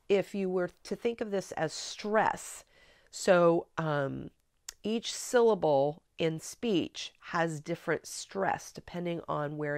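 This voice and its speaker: A woman training teachers in a spelling method, explaining clearly and deliberately in a coaching tone. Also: fairly low pitch, dry recording, clean studio sound. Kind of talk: instructional teaching demonstration.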